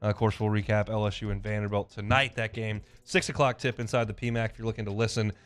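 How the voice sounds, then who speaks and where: A man's voice: on the low side, flat delivery. Opinionated man hosting sports radio. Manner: opinionated, conversational, quick back-and-forth. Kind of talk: casual sports talk radio.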